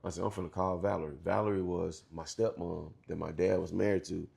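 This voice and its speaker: Man, thirties, halting candid storytelling, slangy, gravelly rasp. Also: low voice, steady tone, darkish tone. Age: 30s. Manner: halting, restarts often, slangy and profane. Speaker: interview guest.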